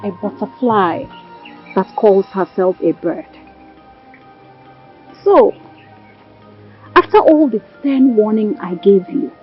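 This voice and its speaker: A woman's voice: mid-range voice, natural voice. A Nigerian actress playing a mean young woman who menaces and mocks a rival in a film drama. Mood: menacing. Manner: mocking, menacing, slow drawl. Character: scheming mean young woman, bully leader. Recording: slightly muffled film audio with faint music.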